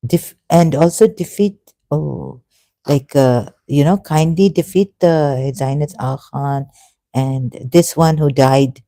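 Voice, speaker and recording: Guy, halting and earnest, dark mellow tone, dry sound. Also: fairly high pitch, no echo. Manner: halting, many restarts and fillers, earnest and pleading. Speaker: religious video commentator. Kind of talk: emotional monologue to camera.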